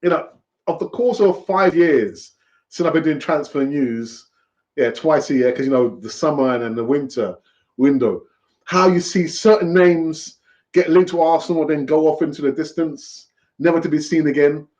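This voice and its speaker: A man's voice: fairly high pitch, moderate pace, darkish tone. A man hosting a fan live stream, talking in a rambling, chatty way with fillers and laughs, over lo-fi stream audio. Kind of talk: casual live-stream chat.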